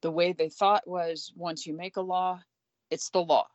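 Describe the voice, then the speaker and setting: A woman's voice: fairly low pitch, fairly even intonation, unhurried, no room sound, lo-fi sound. A woman in a casual Bible study discussion, explaining points with confidence.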